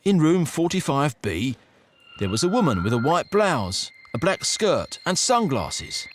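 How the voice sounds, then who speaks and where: A man's voice: on the high side, a little slow, a little hiss or hum. Man narrating a spooky story expressively. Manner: expressive, suspenseful. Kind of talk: scripted first-person story narration.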